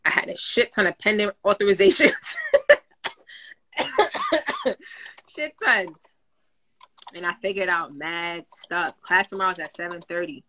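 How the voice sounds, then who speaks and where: A woman coaching listeners on credit in a casual livestream, talking in animated slang and laughing often. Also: fairly low pitch, a little slow, pauses often, background noise. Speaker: credit coach teaching a class. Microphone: phone.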